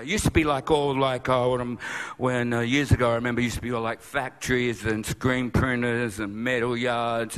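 An older man telling a rambling, absurd comic anecdote to an audience, slipping into high excited voices for quoted people. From Australia. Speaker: guest storyteller at a writers' event. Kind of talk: comic anecdote, live talk.

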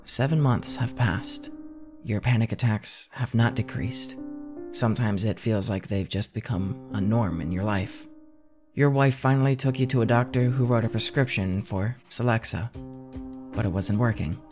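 A man giving scripted second-person horror narration in a measured, tense way. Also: on the low side, over music.

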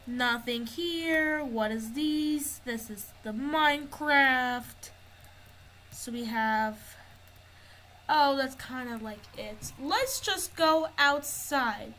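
A woman's voice: high-pitched, drawn-out words, pushed and bright, slight background noise, rough recording. A woman giving casual gameplay commentary, narrating what she finds as she explores. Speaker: gamer.

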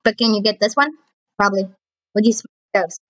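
A woman's voice: medium pitch, a little fast, no room sound, dull audio. A young woman giving playful, chatty commentary while playing a game. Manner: playful, chatty, reacting aloud. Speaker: gaming channel host. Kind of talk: casual gameplay commentary.

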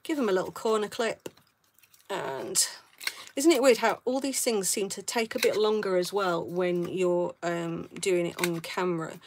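A woman's voice: lowish voice, steady tone, moderate pace, a little mellow, a little hiss or hum. A middle-aged woman from London with a southern English accent, chatting casually and rambling as she hosts a live craft stream, laughing often. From south of England, London. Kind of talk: casual chat while crafting.

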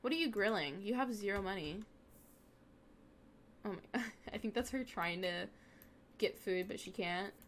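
A woman's voice: mid-range voice, expressive, a little slow, pauses often, a little hiss or hum. A young woman hosting a gaming video, casually commenting on her play and scolding the game characters as she goes. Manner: chatty, talks back at the game characters.

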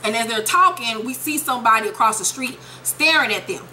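A young woman recapping a TV episode in a casual vlog, sassy, profane and animated. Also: fairly high pitch, brisk, slight background noise, poor audio. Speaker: TV show reviewer.

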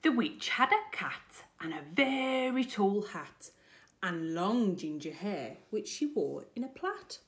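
A woman primary school teacher reading a picture book aloud to children in a remote lesson, with an animated, expressive delivery. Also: medium pitch, slow pace. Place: home-recorded remote lesson video.

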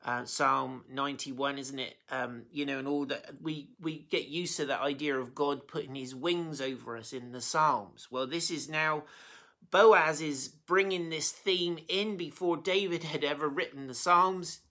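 A preacher giving an informal sermon, retelling a Bible story in a chatty, animated way with many fillers and self-corrections, and plainly moved by it. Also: medium pitch, a little slow.

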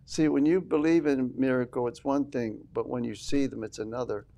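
A man's voice: mid-range voice, steady tone, fairly quick, gravelly, mellow. An older man, a minister guest on an interview show, telling an earnest family testimony and acting out quoted dialogue. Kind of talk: storytelling testimony.

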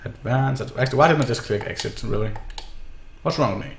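Guy chatting over his racing stream, sarcastic and sweary, mid pitch, roomy mic with faint hum behind. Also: fast talker, vocal fry. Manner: sarcastic, swearing, self-mocking. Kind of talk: casual gameplay commentary.

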